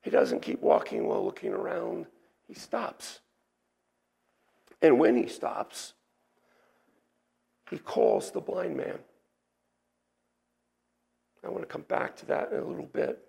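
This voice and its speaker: Gravelly preacher walking through a passage. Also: male voice, on the high side, a little mellow. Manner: explanatory, teacherly, with restarts and asides. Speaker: pastor. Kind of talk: expository sermon.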